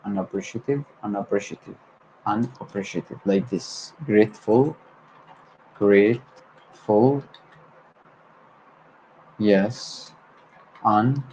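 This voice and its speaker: Slow low-voiced man drilling words. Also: darkish tone, muffled recording, a little hiss or hum. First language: Arabic. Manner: repeats words over and over, stumbles and corrects himself. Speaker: language learner hosting a livestream. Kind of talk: solo livestream vocabulary practice.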